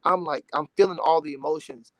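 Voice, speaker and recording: Earnest, animated young man, slightly high. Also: a little fast, no echo. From Dallas, Texas. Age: 20s. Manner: earnest and emotional, animated, many "you know"s. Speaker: gospel recording artist, interview guest. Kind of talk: casual interview talk.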